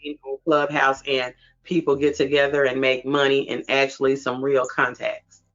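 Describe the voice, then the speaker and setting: A man hosting an interview, chatting casually in a halting way and repeating words as he goes. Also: medium pitch, completely flat delivery, fairly bright tone, highs cut off. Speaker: host.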